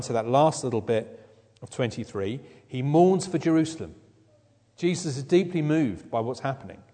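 Male preacher, slightly high voice, emphatic expository sermon, hall reverb. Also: a little mellow. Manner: expository Bible teaching, emphatic.

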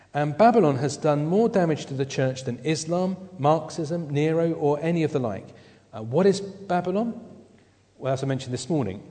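A man preaching a sermon in a church, conversational and halting, with many fillers as he goes. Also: mid-range voice, mellow, long reverb tail.

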